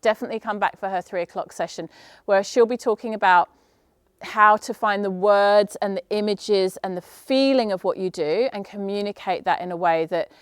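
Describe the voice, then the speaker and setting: A middle-aged woman coaching yoga teachers at a live conference, chatty and lively, with many rhetorical questions and a habit of saying "right?". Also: mid-range voice, normal speed, clean tone, no echo, clean studio sound. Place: conference room.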